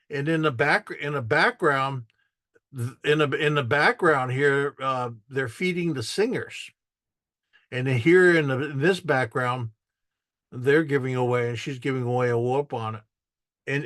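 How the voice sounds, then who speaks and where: A man talks through his photographs in a loose, rambling storytelling manner, often restarting and acting out what people said. His voice sits at an ordinary pitch for a man. The sound is dry and close, with no room echo. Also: a bit bright. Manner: rambling, with restarts and acted-out quotes. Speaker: photographer giving an artist talk. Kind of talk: casual storytelling while showing photos.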